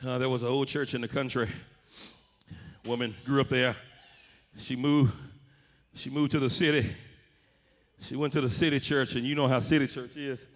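A male pastor a sermon, building to shouts with a rhythmic "uh" cadence. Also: medium pitch, steady tone, normal speed, pauses often.

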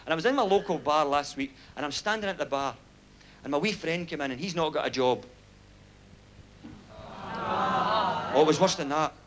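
A young man with a Scottish accent does a stand-up comedy routine. His voice sits high and bounces along. He reels off quick jokes and chuckles at his own punchlines. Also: animated, noisy background. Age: young adult. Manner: quick joke-telling, chuckles at own gags.

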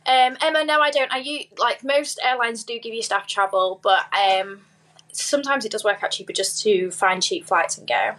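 A woman's voice: fairly high pitch, normal speed, a bit bright. A young woman with a Yorkshire accent, chatting casually on a livestream, reading viewer comments and giggling often. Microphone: phone.

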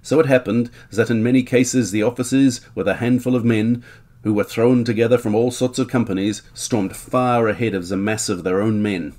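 A man's voice: mid-range voice, steady tone, moderate pace, a little mellow, voice pushed up, natural voice. A man reading a German regimental account aloud in a put-on German accent, with stirring, dramatic delivery.

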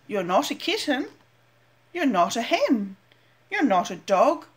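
A woman's voice: sits high, big pitch swings, unhurried. An older woman reading a storybook and voicing a lost, anxious baby bird chick that pleads and cries out. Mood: relieved.

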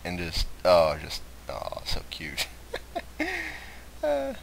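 A man's voice: sits low, huge pitch swings, drawn-out words, vocal fry, long pauses, slight background noise, poor audio. A young man giving casual, crude let's play commentary and laughing through his lines.

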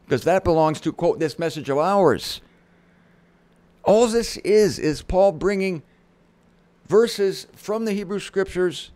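A man's voice: fairly high pitch, a little mellow, no room sound. A middle-aged man teaching the Bible in a sermon style, reading verses aloud with dramatic emphasis and dropping casual asides. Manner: conversational asides.

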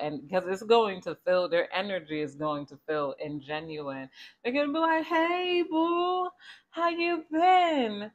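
A woman's voice: deep voice, pushed and bright. A woman giving a casual tarot reading to viewers, chatty and conversational, often asking spirit to tell her more. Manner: chatty and conversational, repeats 'Spirit, please tell me more'. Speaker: tarot reader.

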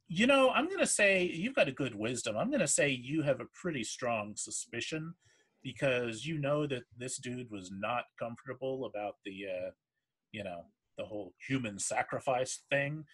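A man's voice: mid-range voice, fairly bright tone, breathy edge. A man acting as game master of a tabletop game, narrating hesitantly with frequent restarts. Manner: hesitant, full of fillers and restarts.

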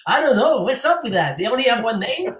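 A man's voice: very high voice, sing-song, a little fast, a bit bright, echoey room. A male singer as a guest in a casual interview, playful and putting on a mock New York voice for fun.

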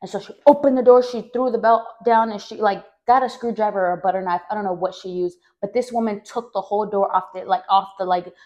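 A podcast host from Mexico talking through her own past in a loose, rambling way. She keeps circling back to fix a phrase and fills the gaps with "like". Her pitch sits in the middle for a woman. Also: lo-fi sound. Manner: rambling, self-correcting, heavy on "like" fillers; acts out quoted voices louder and higher. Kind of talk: personal storytelling podcast.

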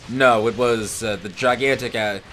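A man's voice: mid-range voice, fairly even intonation, normal speed, fairly bright tone, a little hiss or hum. A man chatting casually beside a gameplay session, easygoing and prone to trivia tangents. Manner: easygoing, chatty, gets sidetracked looking up trivia. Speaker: co-commentator. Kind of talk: casual chat over gameplay.

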